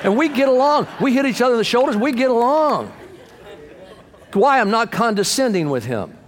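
Male pastor, higher voice, lively sermon delivery, acts out quoted people, long hall echo. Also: normal speed, some chatter behind. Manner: animated preacher acting out quoted voices, swinging loud and soft.

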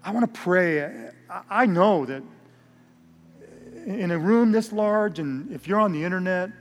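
A man preaching to a large congregation, animated and storytelling, often stumbling over repeated words. His voice sits a little high for a man. The long reverb of a big church hall trails behind every phrase. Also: a little slow. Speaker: pastor. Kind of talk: sermon.

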